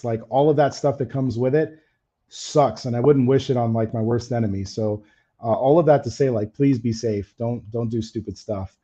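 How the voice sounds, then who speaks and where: Male stream host, easygoing and candid, slightly faded mellow voice, dull audio. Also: mid-range voice. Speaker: camera-gear channel host. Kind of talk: casual live stream chat.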